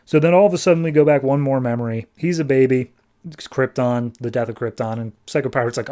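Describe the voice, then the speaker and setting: A man's voice: medium pitch, steady tone, fast, warm tone. Chatty man recapping a comic. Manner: chatty, conversational. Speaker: podcast host. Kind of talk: casual comic book recap.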